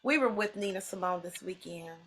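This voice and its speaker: A woman's voice: medium pitch, a little fast, fairly bright tone, slightly rough. A woman hosting a casual morning video call, chatty and playful, teasing the people who join. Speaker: host.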